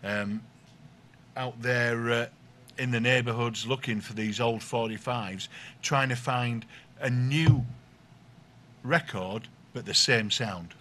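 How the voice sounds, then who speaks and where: A man's voice: medium pitch, takes it slowly, pauses often, sharp tone. Middle-aged man, easygoing, explains at length, interview guest. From north of England. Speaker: guest, record collector. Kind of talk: conversational interview.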